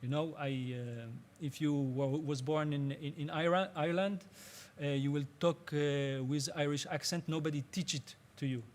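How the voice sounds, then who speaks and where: A man teaching a music workshop, speaking patiently and haltingly as he searches for words in English. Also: fairly high pitch, fairly even intonation, a little mellow. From Israel. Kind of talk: spoken workshop lecture.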